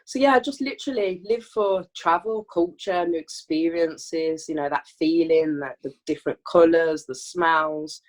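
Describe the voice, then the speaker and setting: A woman's voice: sits low, unhurried, few pauses. A woman in her thirties from Birmingham, with a Birmingham accent with a bit of Manchester in it, chatting as a podcast guest. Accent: Birmingham with a Manchester tinge. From Birmingham, England. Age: 30s. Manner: relaxed and chatty, with soft fillers. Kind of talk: casual chat.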